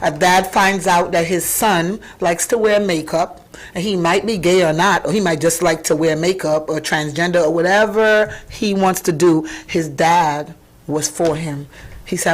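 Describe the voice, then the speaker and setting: A woman's voice: fairly low pitch, a little slow, rough recording. A woman hosting a casual talk show, teasing her co-host and laughing often.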